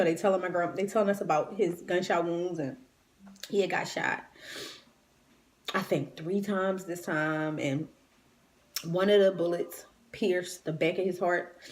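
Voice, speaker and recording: Grieving woman telling her story. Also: fairly low pitch. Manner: raw, emotional, conversational retelling. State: grieving, near tears. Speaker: vlogger. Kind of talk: personal storytime.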